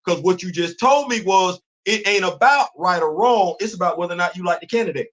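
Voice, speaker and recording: A middle-aged man hosting a livestream, his voice sitting a little higher than most men's. He talks with fervent, preachy conviction in loose, colloquial speech. He keeps turning to answer viewers in the chat. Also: a little fast, few pauses, fairly bright tone. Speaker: livestream host. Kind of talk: impassioned livestream commentary.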